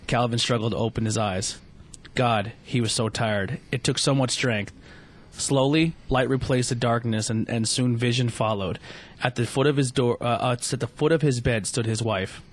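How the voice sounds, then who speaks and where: A man's voice: medium pitch, normal speed. A young adult man, a podcast host, casually reading a fan story aloud on his show, stumbling often and restarting lines. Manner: stumbling read-aloud with frequent restarts and fillers.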